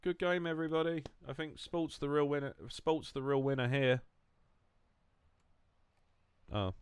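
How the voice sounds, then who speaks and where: A man's voice: a little high, brisk, clean tone, dry recording. A man streaming a game, chatting casually in a rambling, joking way, mocking himself and swearing freely. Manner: loose, wandering talk with restarts. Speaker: gaming streamer.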